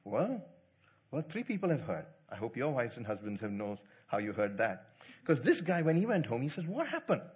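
Husky, animated preaching man. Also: mid-range voice, moderate pace. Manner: animated storytelling, acts out quotes, swings loud to hushed. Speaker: pastor. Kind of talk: sermon.

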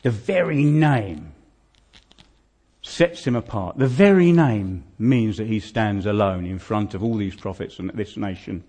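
A man's voice: fairly low pitch, animated, unhurried, dark tone. A man preaching a sermon, retelling a scripture story in a vivid, conversational way, often asking his listeners questions. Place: church hall.

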